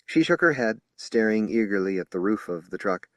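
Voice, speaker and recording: A man reading a horror novel aloud as an audiobook narrator in measured storytelling. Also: on the low side, expressive, dry recording, studio quality. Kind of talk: scripted narration.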